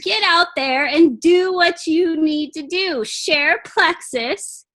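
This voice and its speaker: A woman's voice: very high voice, slow pace, a bit bright. A woman giving a chatty, emphatic pep talk to her team on a video call from home, acting out little dialogues.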